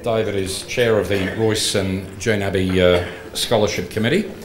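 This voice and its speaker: A man, the master of ceremonies, introduces the next speaker in a halting way, with many fillers. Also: on the low side, fairly even intonation. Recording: echoey hall, off-mic, crowd noise.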